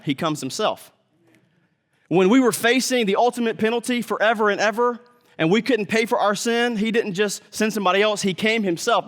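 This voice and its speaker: A man's voice: sits high, a bit bright, long reverb tail. A man preaching a sermon as pastor, in a conversational way, sometimes acting out the people in the story. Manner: conversational preaching, acts out voices.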